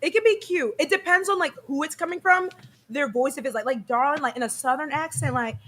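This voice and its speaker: A woman in casual group chat on a stream, animated and giggly, often slipping into joking voices. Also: sits high, fairly quick, slight background noise.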